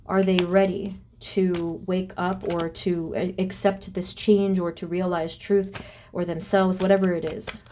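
A woman's voice: on the low side, flat delivery, unhurried, mellow, slight background noise. A woman doing a solo tarot reading, thinking aloud as she names cards and asks spirit questions. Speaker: tarot reader.

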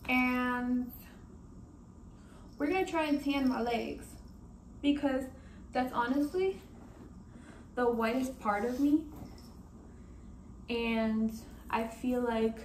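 A woman with a high, bright-pitched voice vlogs casually from home. She talks frankly and chattily to her viewers and often breaks into exclamations. A faint room hum sits behind her. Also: takes it slowly, pauses often. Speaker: vlogger. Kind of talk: casual vlog talking to camera.

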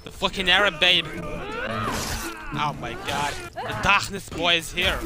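A man's voice: sits high, huge pitch swings, slow. A young man giving casual gameplay commentary, trash-talking and swearing at opponents. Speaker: gaming YouTuber. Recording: game music underneath.

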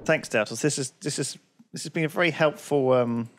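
A man's voice: mid-range voice, a little fast. Guy muttering dry little comments while gaming, bit of faint hiss. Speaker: gamer in a group let's play. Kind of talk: casual gaming chat.

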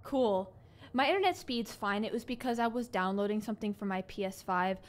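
A woman streaming a video game, chatting casually with her viewers and reacting excitedly to the fight. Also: mid-range voice, fairly quick. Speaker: gaming streamer. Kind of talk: casual live gameplay commentary.

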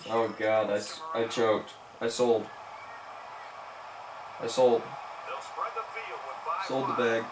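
A man giving live commentary on his football video game, excitedly cheering on and scolding his players as he plays. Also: medium pitch, slow pace, long pauses, crowd noise. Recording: echoey room with background noise.

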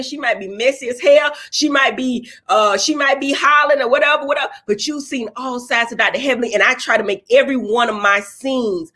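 A woman's voice: high voice, bright, forceful tone. A woman chatting bluntly on a casual livestream, reading viewer comments and answering them with profane, preachy advice.

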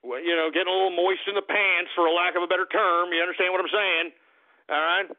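Brash, profane talk radio host. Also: male voice, high voice, steady tone, quick pace. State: tipsy from beer. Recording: tinny phone-like line.

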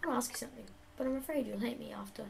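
Very fast and a little high, with vocal fry, this young woman reads typed chat lines aloud for a YouTube chat game. She adds chatty asides to the camera over loud background music.

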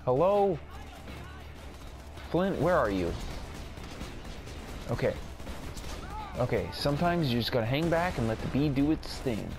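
A man's voice: mid-range voice, sing-song, a little slow, pauses often. A man giving casual gameplay commentary, rambling and mocking himself as he plays. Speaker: gaming video creator. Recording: game music underneath.

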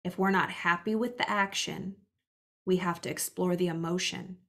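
Lower-voiced woman reflecting on a spiritual reading. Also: fairly even intonation, normal speed. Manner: reflective, with spoken asides to listeners. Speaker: spiritual book reader and teacher. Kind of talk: reading aloud and commenting on a spiritual book.

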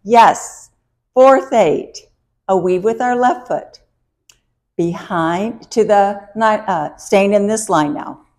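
Woman dance instructor, slow and deliberate, calls out counts and steps, upbeat. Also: mid-range voice, darkish tone. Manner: counting steps aloud while dancing; upbeat and encouraging.

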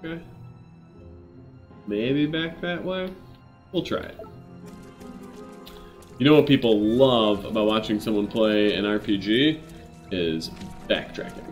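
A man's voice: lowish voice, slow pace, long pauses, soft background music. A man hosting a video game playthrough, chatting casually with dry, self-mocking jokes. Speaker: gameplay host. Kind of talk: casual let's-play commentary.

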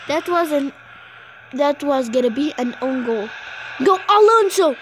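A young woman hosting a gaming channel, commentating her own mobile soccer match and shouting at her players. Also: high voice, a little slow, slight background noise, low-quality recording. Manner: excitable, shouts at players, apologizes to viewers. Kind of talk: live mobile game commentary.

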